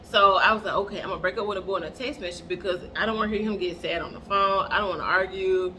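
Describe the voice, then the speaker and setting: A young woman chatting to her viewers in a storytime vlog while doing her makeup, animated and calling out to them often, recorded on an earbud mic. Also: mid-range voice, fast talker, noisy background. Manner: animated, keeps addressing the audience as "y'all". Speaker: vlogger.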